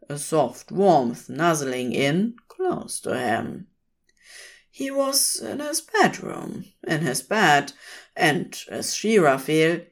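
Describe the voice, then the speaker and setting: A woman reading a story aloud as a podfic narrator, in an expressive, unhurried way. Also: fairly low pitch. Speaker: podfic reader.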